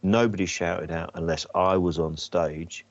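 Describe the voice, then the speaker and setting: Male comic, very low voice, dull lo-fi recording, wry self-deprecating anecdotes. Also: steady tone, unhurried, no echo. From England. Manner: self-deprecating, frequent restarts. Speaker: comedian guest. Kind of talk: anecdotal interview storytelling. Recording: dull slightly lo-fi sound.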